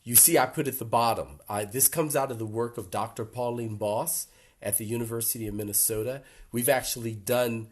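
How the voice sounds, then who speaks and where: A husky older man guides a support group through a reflective workshop at a steady pace. His voice sits in an ordinary middle register. He talks earnestly and gently, with pauses and touches of emotion. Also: mid-range voice. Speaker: speaker leading a support group talk.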